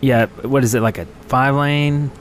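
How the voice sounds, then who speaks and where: A man co-hosting a casual gaming podcast, easygoing and quick to laugh. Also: mid-range voice, steady tone, slight background noise. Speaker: podcast co-host.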